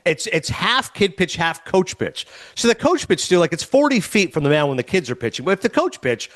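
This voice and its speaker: A man, a sports broadcaster, telling stories and giving picks as a podcast guest, fast and excitable, acting out the quotes he tells. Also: high-pitched. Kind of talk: animated storytelling on a podcast.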